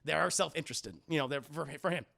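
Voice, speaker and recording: Gravelly, bright-voiced man reviewing a film. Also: fairly high pitch. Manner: retells scenes in quick mock voices, lots of swearing. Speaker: film reviewer streaming to live chat. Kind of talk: casual spoiler review, profane and animated.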